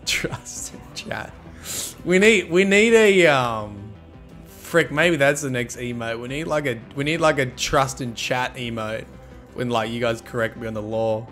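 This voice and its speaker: A man streams a game and banters with his chat in a cheeky, joking way. He talks at a slow, unhurried pace in a mid-range voice. Faint game music plays behind him. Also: mid-range voice, a bit bright. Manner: cheeky, joking, thanks viewers, teases chat. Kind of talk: casual live-stream chat with viewers.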